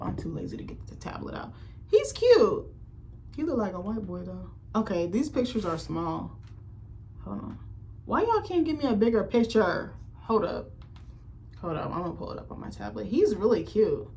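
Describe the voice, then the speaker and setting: A woman's voice: medium pitch, a little hiss or hum. A young woman, a vlogger giving candid, slangy celebrity commentary, thinking aloud in casual chat.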